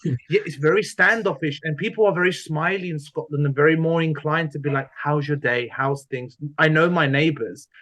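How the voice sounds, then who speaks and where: A young man with a London accent, co-hosting a casual podcast chat and lively in how he tells things. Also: on the high side, a little fast. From London, England. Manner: animated, often acts out quoted voices. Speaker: podcast co-host.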